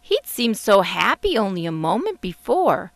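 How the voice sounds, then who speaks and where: A woman, the author, narrating her children's storybook in a gentle, expressive way. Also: medium pitch, normal speed, dry recording. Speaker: author reading her book. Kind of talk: audiobook narration.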